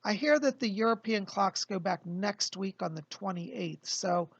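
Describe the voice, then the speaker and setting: Guy doing a chill livestream at home as a medium, raspy voice, explains stuff calmly. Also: sits high, a little slow, dry recording, dull audio. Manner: calm, reassuring, explanatory. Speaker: psychic medium. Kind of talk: casual livestream talk. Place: his home.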